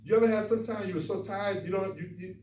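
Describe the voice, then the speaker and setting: A man, a doctor, giving a folksy, animated talk at a men's conference, speaking straight to the audience. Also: high voice, fast talker. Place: conference room. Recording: echoey hall, far from the mic, faint noise.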